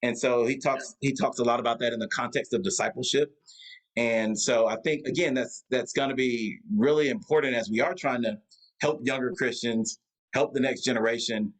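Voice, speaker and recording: A man's voice: mid-range voice, steady tone, normal speed, low-quality recording. A man, a pastor and guest, chatting casually on a video call, with lots of fillers and restarts. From United States. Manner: rambling, many fillers and restarts. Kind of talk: casual conversation. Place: Atlanta area.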